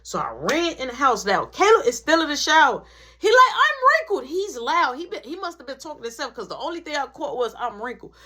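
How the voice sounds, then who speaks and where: Animated woman telling a storytime. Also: high voice, fast, few pauses. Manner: animated, acts out every voice. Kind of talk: casual storytime vlog.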